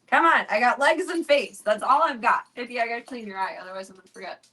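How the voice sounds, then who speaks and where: A woman's voice: a little high, animated, a little fast, bright, forceful tone. A young woman streaming from home, chatting casually, swearing freely, and cooing baby talk at her pets. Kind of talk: casual live-stream chat.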